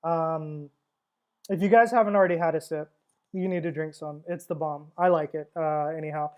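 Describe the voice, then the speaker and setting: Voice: medium pitch, fairly even intonation, moderate pace, darkish tone, clean tone. A wine seller hosting a casual livestream tasting, talking in a chatty, rambling way with frequent fillers and laughs.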